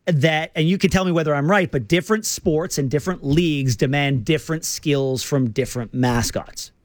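A man hosting a radio talk show, interviewing his guest in a chatty, halting way with frequent restarts. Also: fairly high pitch, dry recording, clean studio sound. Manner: chatty, halting, many restarts, quick backchannels.

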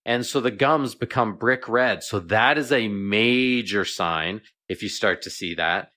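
A man's voice: lowish voice, a little slow, bright, forceful tone. A man speaking as a veterinarian guest on a radio show, explaining plainly and often repeating words as he thinks.

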